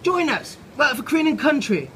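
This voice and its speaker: A man voicing a barking military male ant sergeant, drilling and questioning briskly, recorded outside a pub. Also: very high voice, sing-song, voice pushed up, full character voice, poor audio. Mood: officious. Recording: loud outdoor background noise. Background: pub chatter and clinking dishes.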